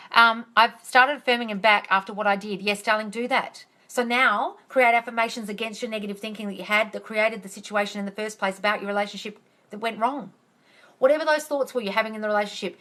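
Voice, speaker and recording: A woman's voice: medium pitch, fast talker, bright, forceful tone. A woman hosting a casual live-stream Q&A on a phone, blunt and emphatic, swearing freely and calling viewers darling. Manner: heated and emphatic, ranting. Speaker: manifesting coach hosting a live Q&A.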